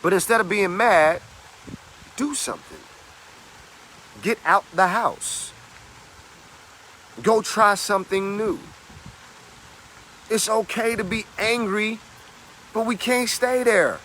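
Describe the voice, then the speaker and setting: A man giving a motivational talk in a bright, fairly high voice. He is emphatic and slangy, and he preaches through street-level stories. A faint hum sits behind him. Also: slow, pauses often. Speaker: motivational speaker.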